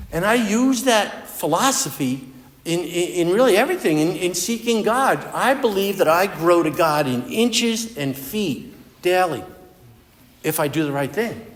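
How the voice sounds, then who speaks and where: A man's voice: sits high, expressive, unhurried. A man giving a personal recovery talk at a meeting, telling his story in an earnest, conversational way. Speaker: AA speaker. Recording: echoey hall with long reverb.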